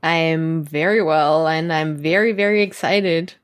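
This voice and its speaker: A woman's voice: low-pitched, steady tone, a little slow, clean tone. A woman who is not a native English speaker, hosting a podcast in a bubbly, giggly, self-teasing casual chat. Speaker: podcast host.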